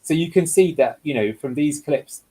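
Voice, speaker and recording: This guest football analyst walks through match footage step by step in a tactical video breakdown, explaining each clip as he goes. His voice sits on the high side and is expressive, warm and slightly rough, delivered at a moderate pace. The audio quality is poor.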